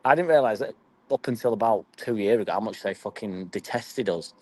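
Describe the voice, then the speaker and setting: A man's voice: on the low side, fairly quick, warm tone, no room sound, rough recording. A young man with a Yorkshire accent chatting casually and swearing freely as he reads and answers his live stream chat. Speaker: football fan vlogger.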